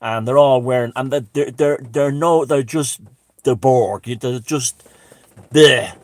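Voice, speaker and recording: A man's voice: medium pitch, steady tone, measured pace. A man telling a casual story in a rambling way, with many restarts and asides and a wry, self-mocking streak. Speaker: channel host.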